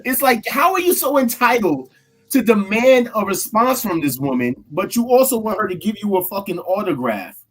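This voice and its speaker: A woman co-hosting a casual podcast, her pitch swooping widely as she talks. She reacts with expressive, incredulous outbursts and swears freely. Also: moderate pace, husky, soft background music, rough recording. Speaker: podcast co-host.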